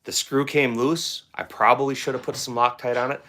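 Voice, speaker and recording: Bright-voiced man telling a rambling story. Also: mid-range voice, fairly even intonation, fairly quick. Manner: rambling, repeats words, conversational. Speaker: firearms channel host. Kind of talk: casual storytelling to camera.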